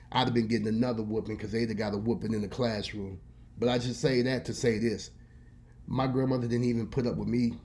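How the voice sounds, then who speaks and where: Man vlogger, mellow voice, folksy preachy storyteller. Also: mid-range voice. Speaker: vlogger and radio host. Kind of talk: casual storytelling monologue.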